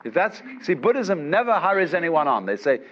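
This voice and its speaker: A man giving a public lecture in an unhurried, wry way, with chuckles, on an old lo-fi recording from a lecture hall. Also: on the high side, big pitch swings. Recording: dull lo-fi archive lecture recording.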